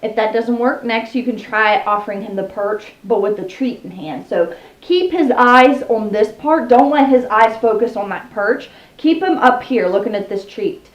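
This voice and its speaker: A woman's voice: a little high, normal speed, hardly any pauses. A woman vlogger explaining how to tame parrots in a casual, upbeat way, cooing at her birds between tips, recorded at home. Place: indoor room at home with pet birds. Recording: roomy, slightly dull home recording.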